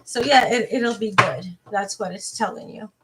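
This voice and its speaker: A woman's voice: medium pitch, moderate pace, heavy background noise. A woman giving a live tarot reading, talking to her viewers in a rambling, playful, casual way and swearing now and then. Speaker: tarot reader.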